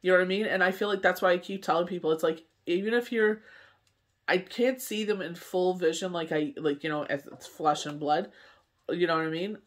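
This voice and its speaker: A man's voice: sits high, steady tone, fairly quick, a bit bright. A man from Canada, a tarot reader and medium, chatting casually to camera in a rambling way, full of "you know what I mean".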